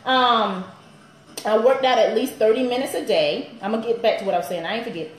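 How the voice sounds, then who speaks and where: A woman's voice: on the high side, a little fast, reverberant, a little hiss or hum, rough recording. A woman personal trainer in her thirties, chatting upbeat on a live stream to viewers and laughing often.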